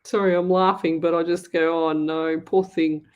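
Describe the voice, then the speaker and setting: A woman's voice: lowish voice, level tone, clean tone. Chatty Australian woman hosting a live show. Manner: chatty and warm, reads comments aloud, quick asides. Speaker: psychic medium show host. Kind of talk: live-streamed chat reading viewer comments.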